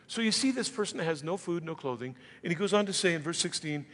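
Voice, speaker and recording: A man preaching a sermon as pastor, conversational, slipping into quick voices of imagined listeners. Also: fairly high pitch, animated, fairly bright tone. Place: church sanctuary. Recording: church hall with long reverb.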